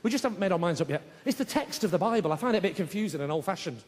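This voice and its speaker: A man's voice: high-pitched, animated, racing. A middle-aged man doing stand-up comedy, chatty and forever tossing in tag questions like "right?". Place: theatre stage before an audience. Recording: long hall reverb, faint noise.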